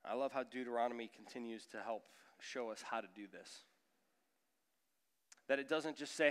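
A man in his thirties, a pastor preaching a sermon in a church, lively and acting out the voices of people he quotes. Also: mid-range voice, moderate pace, long pauses. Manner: animated, acts out quoted voices of his son and listeners. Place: church sanctuary. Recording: echoey church hall.

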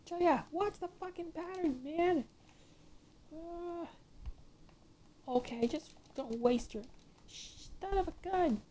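A woman's voice: extremely high pitch, slow, long pauses, warm tone, a little hiss or hum. A woman giving gameplay commentary, ranting and swearing at the game as she plays. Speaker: let's play gamer.

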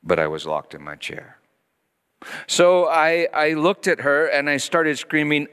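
A middle-aged man preaches in a large church, his voice on the higher side and swinging hugely between excited outbursts and near-whispers. He acts out voices as he tells the story. A long reverb trails every phrase. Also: unhurried, clear, resonant tone. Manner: animated storytelling, acting out voices, dropping to hushed tones. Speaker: pastor. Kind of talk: sermon.

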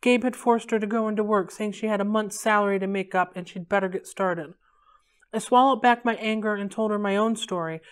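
Library read-along reader, woman, steady clear storytelling. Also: mid-range voice, fairly quick. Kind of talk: reading a novel aloud.

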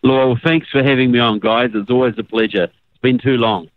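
New Zealand-accented male guest over a tinny phone line, dry, measured and earnest. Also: mid-range voice, fairly even intonation, no room sound. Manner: measured, earnest, uses "look" and "you know". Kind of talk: phone-in radio interview.

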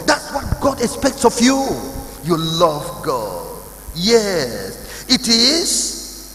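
A man's voice: high voice, sing-song, extremely slow, sharp tone, a little hiss or hum. A man, a pastor, preaching emphatically to a youth conference and acting out the voices he quotes. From Nigeria. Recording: echoey hall recording.

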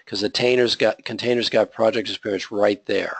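A man's voice: fairly low pitch, steady tone, fairly quick, vocal fry, husky, no echo. A man teaching a web design class, talking through his code step by step and checking in with the students. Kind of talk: live coding lecture.

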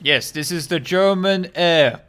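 A man's voice: fairly high pitch, a little slow, fairly bright tone, voice pushed up. A man putting on a male mock air police officer, barking official-sounding orders at a fleeing plane in a video game. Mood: mock-stern.

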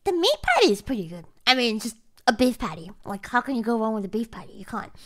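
A young woman streamer commenting on a food challenge to her viewers, dramatic and profane, swinging between low groans and shrieks. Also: big pitch swings, quick pace. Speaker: VTuber streamer.

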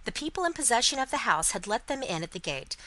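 A woman narrating a classic novel in an expressive, dramatic storybook reading for English learners. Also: on the high side, quick pace, poor audio.

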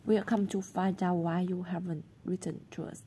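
A woman's voice: lowish voice, steady tone, moderate pace, warm tone, slight background noise, close to an everyday voice. A woman reading the part of a stiff, reproachful father in a storybook. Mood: stern. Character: stern, disapproving father.

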